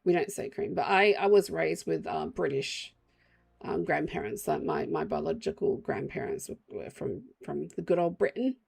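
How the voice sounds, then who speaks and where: Gravelly Australian woman streamer. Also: low-pitched, sing-song, normal speed, darkish tone. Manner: rambling, chatty, talks to chat while playing. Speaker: game streamer. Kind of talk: casual live-stream chat.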